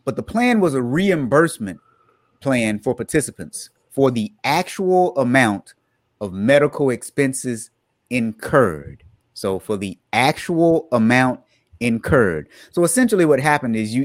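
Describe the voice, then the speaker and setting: A man's voice: mid-range voice, no room sound, rough recording. A man co-hosting a podcast, casually walking listeners through a news story and laughing now and then. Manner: explanatory, breaks into laughter. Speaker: podcast co-host.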